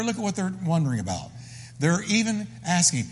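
A man's voice: fairly high pitch, big pitch swings, moderate pace, big-room sound. A man preaching a sermon as the pastor, emphatic and full of repeated phrases.

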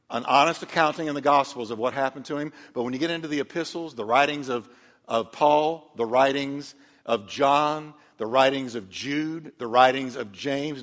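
A man's voice: mid-range voice, fairly bright tone, in a large hall. A man preaching a sermon as pastor, emphatic and calling on the congregation to respond.

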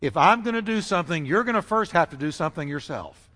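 Emphatic high-voiced preacher in a hall. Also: male voice, expressive, fast, bright, forceful tone. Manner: dramatic, emphatic preaching with repetition and sudden pitch swings. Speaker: pastor. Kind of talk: sermon. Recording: long reverb of a large hall.

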